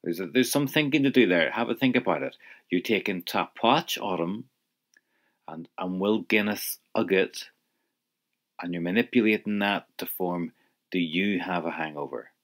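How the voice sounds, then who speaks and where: A man's voice: sits low, moderate pace, a bit bright. A man teaching an audio language lesson, patiently prompting the listener to answer.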